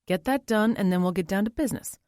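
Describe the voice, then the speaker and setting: A woman's voice: medium pitch, fast talker, darkish tone, no room sound, studio quality, close to an everyday voice. A woman voicing a stern male defense attorney who barks orders like a drill sergeant. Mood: stern, commanding.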